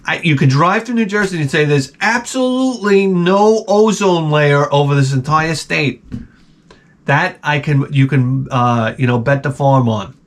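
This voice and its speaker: Male host, rambling comedic monologue, fairly high voice, profane, animated sound effects. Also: unhurried. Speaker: channel host.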